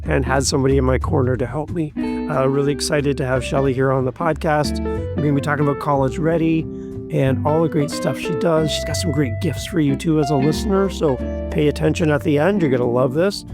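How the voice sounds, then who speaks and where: A man's voice: on the high side, fairly even intonation, fairly quick, over loud music. A man hosting a podcast, chatty, upbeat and jokey. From Canada. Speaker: podcast host. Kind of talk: casual chat.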